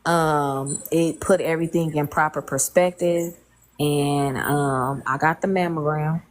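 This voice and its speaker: Candid woman with a lowish voice. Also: steady tone, unhurried, poor audio. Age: 30s. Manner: candid, colloquial, emotional storytelling. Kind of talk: casual chat, personal story.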